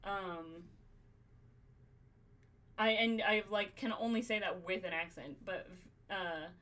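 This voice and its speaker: A woman's voice: medium pitch, slow, fairly bright tone. A woman hosting a podcast, brainstorming in casual chat, swearing freely and thinking aloud with lots of fillers. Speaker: podcast host.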